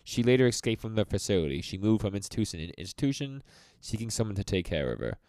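A man's voice: on the low side, very animated, fast, darkish tone, no echo. A man co-hosting a podcast, chatting casually and rambling through an anime episode recap, acting out the characters' lines. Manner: rambling, many fillers, acts out character lines. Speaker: podcast co-host.

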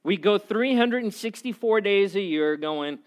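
A man preaching a sermon as a pastor, telling stories in an animated, conversational way. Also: high voice, a little slow.

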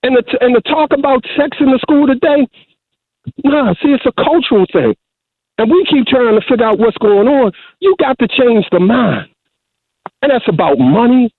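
On a tinny, echo-free phone line, a middle-aged caller to a talk show delivers an emotional, preachy monologue in an extremely high, expressive voice at normal speed. He keeps repeating himself and starting over.

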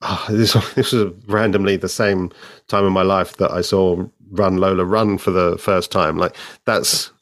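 A man with a very low voice joins a podcast as a guest. He speaks in a measured, thoughtful way and stretches his phrases as he works through his ideas. The recording is dry and close. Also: steady tone, dry recording. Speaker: podcast guest, co-host of another show. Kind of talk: casual chat about comics.

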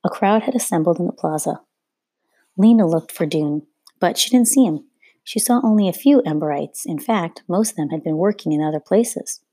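A woman reading a children's novel aloud at a steady storytelling pace, now and then rereading a slip. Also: lowish voice, moderate pace, husky, no room sound. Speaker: reader.

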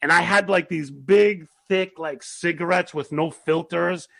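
A man with a high voice and a gravelly edge tells a story in casual chat. He is animated and laughs often. He gets loud when he acts out his own lines. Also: measured pace.

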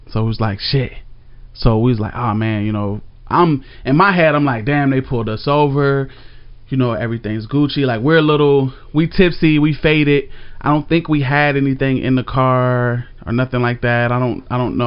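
A man's voice: mid-range voice, fairly even intonation, moderate pace, clear, resonant tone. Man telling a story casually, dull recording. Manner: loose, profane, filler-heavy storytelling.

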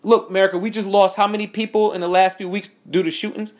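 A man angrily recounting a confrontation in a profane, animated first-person story with quoted dialogue. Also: sits high, quick pace. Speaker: veteran recounting an incident. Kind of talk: angry first-person account to camera.

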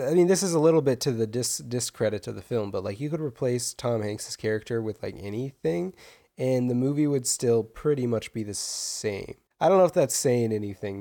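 A young man chatting casually about a film, rambling and animated with many restarts. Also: on the low side, gravelly.

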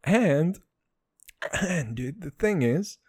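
A young man from Israel hosting a casual solo podcast, rambling and swearing, with jumps in pitch. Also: lively intonation, extremely slow, husky, dry recording, studio quality. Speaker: podcast host.

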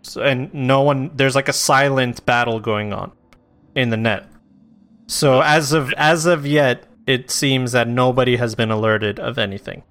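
A man's voice: medium pitch, measured pace, a bit bright. A man narrating a tabletop role-playing game as game master, casual and loose, with plenty of swearing.

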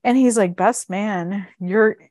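A woman's voice: medium pitch, takes it slowly, darkish tone, no echo. A woman co-hosting a casual podcast, retelling a TV episode scene by scene with lots of fillers and emotion. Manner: gushing, recounts scenes with many "like" fillers. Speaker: podcast co-host. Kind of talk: casual chat recapping a TV episode.

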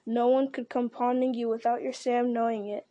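A woman's voice: fairly high pitch, flat delivery, normal speed, dark tone, dull audio, close to an everyday voice. A woman reading a blunt, loyal servant. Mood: earnest. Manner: homely, protective, a bit gruff. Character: loyal plain-spoken male servant, stubborn and blunt. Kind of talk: audiobook reading.

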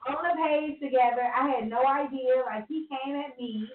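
A woman's voice: high voice, normal speed, reverberant, far from the mic, phone-quality sound, crowd noise. A woman co-hosting a podcast, telling stories in a blunt, candid and profane casual chat. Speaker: podcast co-host.

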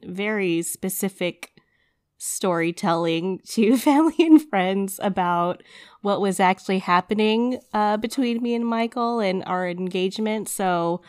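A woman in her thirties co-hosts a podcast in a clear, resonant, medium-pitched voice. The chat is casual, giggly, and upbeat, full of laughs and fillers.

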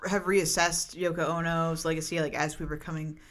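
A podcast co-host in casual chat who drops in quick, sarcastic remarks. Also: mid-range voice, flat delivery, a bit bright.

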